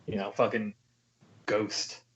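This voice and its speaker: A man's voice: on the low side, takes it slowly. A man co-hosting a podcast, ranting casually and profanely about a movie. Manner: animated ranting with impressions. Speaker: podcast co-host. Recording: dull lo-fi podcast audio.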